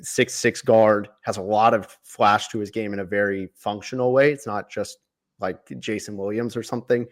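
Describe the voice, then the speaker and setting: A man co-hosting a basketball draft podcast, relaxed and conversational in casual chat. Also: lowish voice, moderate pace. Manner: relaxed, conversational, many "like" and "right" fillers. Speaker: podcast co-host, draft analyst. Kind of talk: casual sports podcast talk.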